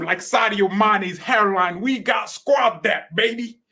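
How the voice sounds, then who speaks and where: A man hosting a football fan channel, talking in an excited, joking way and sometimes shouting. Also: high voice, slow pace. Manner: hyped and joking, shouting at times. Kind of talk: excited casual commentary.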